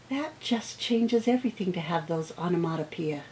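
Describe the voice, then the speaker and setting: A middle-aged woman teacher reading picture books aloud to children, acting out the sound words with animated expression. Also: fairly low pitch, poor audio. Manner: slow, gentle pace.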